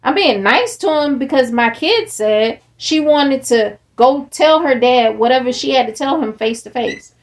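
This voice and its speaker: Woman w/ talking real blunt and lively, voice sits kinda high. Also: a little slow, few pauses. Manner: blunt, animated, acts out quoted dialogue. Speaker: podcast host and parent. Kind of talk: candid casual chat.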